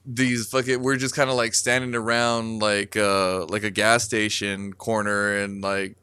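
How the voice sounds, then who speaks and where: A man's voice: on the low side, level tone, measured pace, bright, forceful tone, smooth, no room sound. A man from California telling a rambling, profane story in casual chat, full of fillers. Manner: rambling, many fillers and swearing, laughs through the telling.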